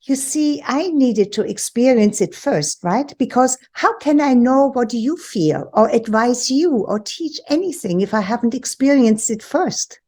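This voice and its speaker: A woman in her sixties from Europe, hosting a personal talk for viewers in a deliberate, emphatic storytelling manner. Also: fairly high pitch, lively intonation, dark tone. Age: 60s. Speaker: host and women's empowerment coach.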